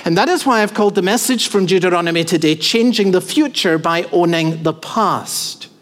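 A pastor in their fifties preaching a sermon in a deliberate way, putting questions to the congregation. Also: medium pitch. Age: 50s.

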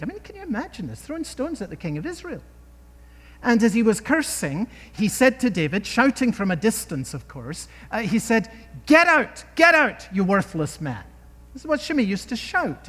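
A man preaching a sermon in an expressive way, asking the listeners rhetorical questions and pausing for effect. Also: high voice, long reverb tail.

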